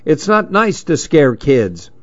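A man's voice: fairly high pitch, big pitch swings, slow pace. A man voicing a tough, bossy girl who growls and scolds, on a dull lo-fi recording. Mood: scolding.

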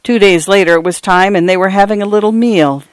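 Man, audiobook narrator, literary fiction, measured, fairly high voice, dry sound. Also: clear, resonant tone, dry recording. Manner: measured, descriptive reading.

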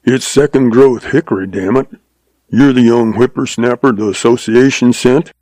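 A man's voice: mid-range voice, moderate pace, darkish tone, no echo, lightly acted, low-quality recording. A man doing a growling grumpy old rancher. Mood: grumbling. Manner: growling, snapping western drawl. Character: grumpy, irritable old one-legged male rancher. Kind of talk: audiobook character voice.

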